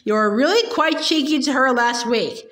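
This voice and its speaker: A woman voicing a gentle, patient young schoolteacher who stays calm and firm, in an echoey room. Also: sits high, normal speed.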